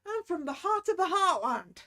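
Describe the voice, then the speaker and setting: A woman voicing a loud, excitable young woman, attempting an American Southern accent. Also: very high voice, moderate pace, pitched above the performer's own voice, full character voice. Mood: brash, excited.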